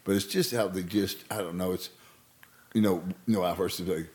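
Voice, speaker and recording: Southern American man, very deep voice, rambling and hesitant chat. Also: fast. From Arkansas, US South. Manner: rambling, hesitant, soft-spoken asides. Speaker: podcast co-host. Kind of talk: casual chat.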